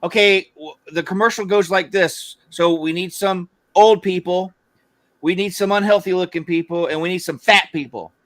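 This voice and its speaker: A man's voice: sits high, normal speed, no room sound. A man from Georgia, co-hosting a casual chat and rambling through his points with many restarts. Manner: animated, rambling with repeated restarts. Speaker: podcast co-host.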